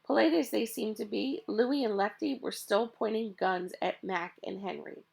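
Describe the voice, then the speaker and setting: A woman reading a children's chapter book aloud in a lively, expressive way. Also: medium pitch, moderate pace, vocal fry, breathy edge. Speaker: reader. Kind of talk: storybook read-aloud.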